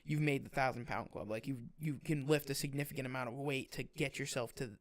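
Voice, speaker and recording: A man's voice: mid-range voice, steady tone, fairly quick. A young man co-hosting a casual podcast, talking bluntly, swearing freely and using many fillers. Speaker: podcast co-host, firefighter.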